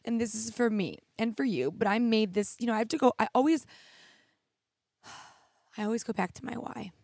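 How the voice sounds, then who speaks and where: Speaking at a normal speed with lively intonation, this young podcast host has a highish, gravelly, slightly mellow voice. Her solo monologue is emotional, candid and reflective, sometimes tearful, heavy with "like," and recorded at studio quality with no room sound on a studio mic with headphones.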